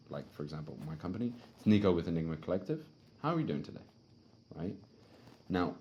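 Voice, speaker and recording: Deep-voiced casual male sales trainer. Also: warm tone. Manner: conversational, frequent tag questions. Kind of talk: casual instructional talk.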